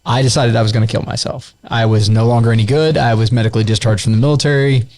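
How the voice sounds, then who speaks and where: A man's voice: medium pitch, fairly even intonation, fast, darkish tone. A man co-hosting a podcast, telling a heartfelt personal testimony in a casual, earnest way. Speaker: podcast co-host.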